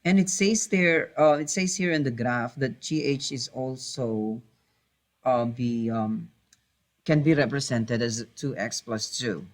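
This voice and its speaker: A man's voice: medium pitch, a little slow. A man teaching a math lesson, hesitating with many fillers, correcting himself and patiently repeating key points.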